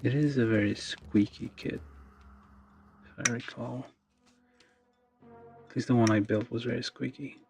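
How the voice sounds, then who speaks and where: Brief: gravelly-voiced man, slow and mumbling, streaming a model build with music underneath. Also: medium pitch, steady tone, a little mellow. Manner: mumbling, thinking aloud, many fillers. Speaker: model kit livestreamer. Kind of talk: casual talk while building. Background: background music.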